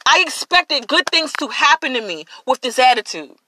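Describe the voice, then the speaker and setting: A woman's voice: high voice, very animated, moderate pace, sharp tone, no echo. A woman hosting a podcast, giving an emphatic, preachy motivational faith talk and addressing listeners directly. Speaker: podcast host.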